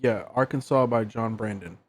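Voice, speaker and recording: A podcast co-host chatting casually about a movie, giving short relaxed remarks. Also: mid-range voice, moderate pace. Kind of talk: casual movie review chat.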